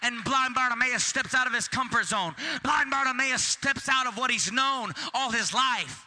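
A man preaching a sermon with passion, repeating himself and acting out shouted pleas. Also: extremely high pitch, moderate pace, big-room sound. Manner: impassioned, repetitive, acts out shouted pleas.

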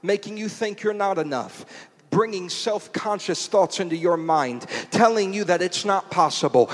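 A man preaching a sermon in a portable church, using rhythmic repetition that builds to shouts. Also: high voice, moderate pace, long reverb tail.

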